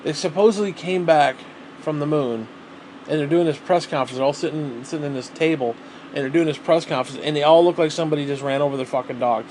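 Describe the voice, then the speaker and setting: Profane ranting man, fairly high voice. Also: fast, darkish tone, a little hiss or hum. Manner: profane, rambling and exasperated. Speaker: vlogger. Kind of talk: solo rant to camera.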